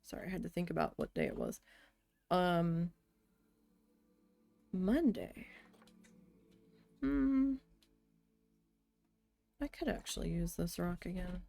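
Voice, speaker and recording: Slow-talking woman venting while streaming. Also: fairly low pitch, sing-song, creaky. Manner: chatty venting with frequent swearing; mutters quietly to herself while building. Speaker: game streamer. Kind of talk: casual storytelling while playing a building game.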